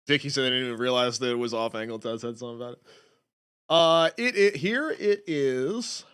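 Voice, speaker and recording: A man's voice: mid-range voice, brisk, fairly bright tone, clean tone. A man livestreaming, chatting casually and thinking aloud as he works.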